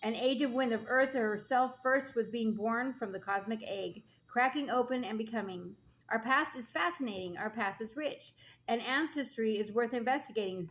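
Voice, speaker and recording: A woman's voice: fairly high pitch, fairly bright tone. A woman giving a spiritual oracle card reading. She reads the card text aloud and breaks in with earnest, casual asides, often checking in with "okay?" and "all right?". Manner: earnest and encouraging, speaking straight to the listener.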